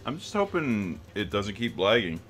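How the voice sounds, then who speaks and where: Laid-back low-voiced male streamer. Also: very animated, moderate pace, fairly bright tone, soft background music. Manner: laid-back, joking, trails off mid-sentence. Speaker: streamer playing a visual novel. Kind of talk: casual live-stream chat.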